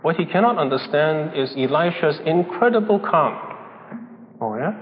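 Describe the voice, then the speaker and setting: A man's voice: on the high side, animated, moderate pace. A man preaching a sermon, telling a story and acting out its dialogue, often laughing as he goes. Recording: old lo-fi recording in a reverberant hall with faint noise.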